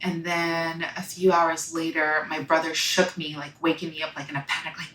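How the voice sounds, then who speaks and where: A young woman telling a personal story in a halting, reflective way, often pausing with "like" and "you know.". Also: low voice, level tone, a bit bright. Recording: echoey room.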